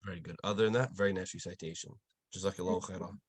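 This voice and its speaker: A man teaching Quran recitation over a video call, patiently correcting students and slowly demonstrating sounds. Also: low-pitched, steady tone, breathy edge, no echo. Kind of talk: online tajweed lesson, giving corrections.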